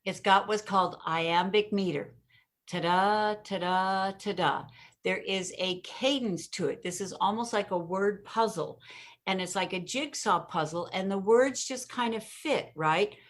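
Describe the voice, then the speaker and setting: Woman guest, middle pitch, emphatic and lively storyteller. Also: normal speed. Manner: energetic, emphatic storyteller who laughs at her own jokes. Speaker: interview guest, communication expert. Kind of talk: conversational interview.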